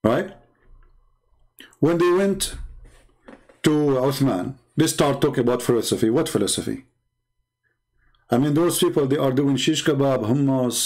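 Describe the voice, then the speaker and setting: A man hosting a debate livestream, talking in a mocking, scornful and emphatic way, with non-native English and broken grammar, his voice slightly hoarse. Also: medium pitch, expressive, measured pace, long pauses, a little mellow. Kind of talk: livestream commentary while calling viewers.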